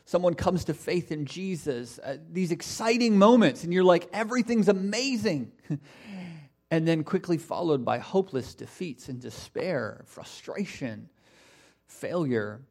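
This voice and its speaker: A man preaching a sermon in a conversational way, with casual asides and animated retellings. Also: fairly high pitch, measured pace, vocal fry. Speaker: pastor.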